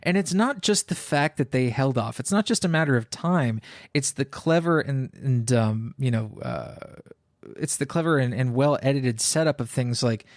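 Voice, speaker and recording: A man co-hosting a casual film podcast, weighing his points thoughtfully with the odd "um". His pitch is an everyday middle. The sound is close and dry. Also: lively intonation, normal speed, no echo. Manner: thoughtful, analytical, with fillers. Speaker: podcast co-host.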